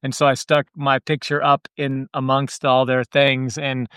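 A man's voice: mid-range voice, flat delivery, a little slow, a bit bright, clear, resonant tone, no room sound, clean studio sound. A man in casual chat, telling a wry, amused anecdote.

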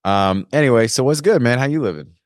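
A man's voice: mid-range voice, animated, fast, no echo, clean studio sound. A man hosting a casual video-call show, joking loosely with slang and lots of fillers. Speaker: podcast host. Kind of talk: casual chat. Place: Florida.

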